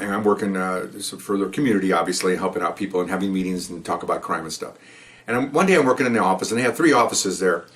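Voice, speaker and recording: Older male ex-cop storyteller, low voice, fast and rambling. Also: a bit bright. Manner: rambling, with restarts and "okay?" asides. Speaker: veteran police officer. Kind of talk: casual storytelling.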